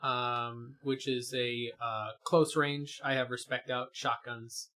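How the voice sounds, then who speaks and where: A man's voice: medium pitch, flat delivery, slow, bright, forceful tone. A man co-hosting a gaming stream in casual chat, explaining character builds with many fillers and restarts.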